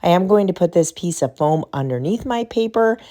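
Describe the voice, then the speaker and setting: Low-voiced woman chatting through a craft tutorial. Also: lively intonation, brisk, dark tone. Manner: chatty, talks through her choices as she works. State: voice still recovering from illness. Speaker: crafting channel host. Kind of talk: casual step-by-step craft tutorial.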